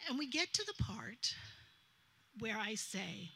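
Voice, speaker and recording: A woman from New telling a lively wedding story from her time as officiant, acting out the voices of the people involved. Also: mid-range voice, slow pace, gravelly, slight background noise. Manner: lively, animated, quotes others in dialogue. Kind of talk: anecdotal storytelling.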